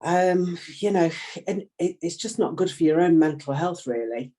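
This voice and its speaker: A weary, heartfelt woman talks as a podcast guest. Her voice is low and mellow, dark in tone. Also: animated, moderate pace. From Derbyshire, England. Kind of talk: personal interview.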